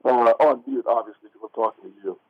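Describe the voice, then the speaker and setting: A man's voice: mid-range voice, fast talker, vocal fry. Rambling man on a tinny phone line. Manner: rambling, many restarts and "like", laughs often. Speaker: sports radio co-host. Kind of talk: casual sports radio chat.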